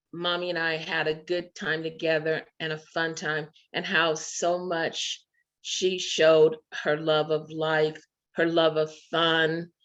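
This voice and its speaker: A woman's voice: deep voice, fairly bright tone. A woman giving a memorial tribute speech, telling fond anecdotes over a video call. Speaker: memorial speaker. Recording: muffled video call audio.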